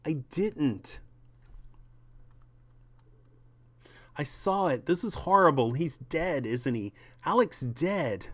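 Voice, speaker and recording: A man doing Abby, a panicky high-voiced young woman. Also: very animated, takes it slowly, exaggerated voice. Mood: alarmed. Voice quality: raised, pleading voice. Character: frightened young woman, anxious and protective.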